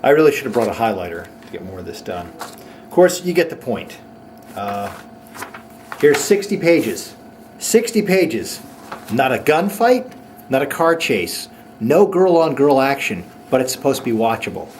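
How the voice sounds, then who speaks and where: A man hosting his own comedy show, ranting sarcastically with quick mocking asides. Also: mid-range voice, very animated, a little mellow, a little hiss or hum. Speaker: host. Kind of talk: sarcastic comic monologue.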